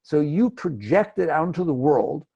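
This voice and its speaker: Older man with a gravelly voice. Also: fairly high pitch, normal speed, muffled recording. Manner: conversational, animated, acts out inner voices. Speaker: spiritual teacher. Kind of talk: spiritual talk.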